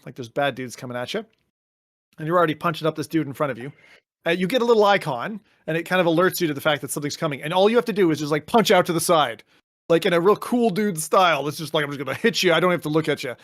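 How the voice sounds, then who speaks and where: A man's voice: fairly high pitch, lively intonation, fast talker, fairly bright tone, dry recording, clean studio sound. A man co-hosting a podcast, chatting casually and animatedly, slipping into mock voices and swearing. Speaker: podcast co-host. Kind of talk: casual chat.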